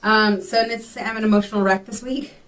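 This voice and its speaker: A woman's voice: mid-range voice, fairly even intonation, fast talker, a bit bright, far from the mic. A young woman from Texas telling a rambling personal story in a casual vlog, full of ums and likes. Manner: chatty, rambling, with many fillers. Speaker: vlogger.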